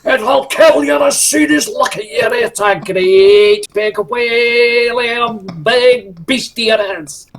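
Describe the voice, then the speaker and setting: A man's voice: very high-pitched, slow, few pauses, a bit bright, slight background noise, voice pushed up, heavily acted. A man impersonating an old Scottish magician from a film, with a Scottish accent, giving dramatic, urgent warnings. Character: ranting old Scottish male magician warning of a killer rabbit.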